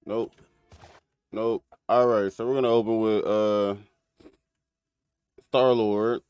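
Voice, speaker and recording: A man's voice: lowish voice, steady tone, slow, darkish tone, smooth, no echo. Rambling casual male streamer, dry close sound. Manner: loose and rambling, lots of fillers and laughs. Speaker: streamer recapping an episode. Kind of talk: casual episode breakdown.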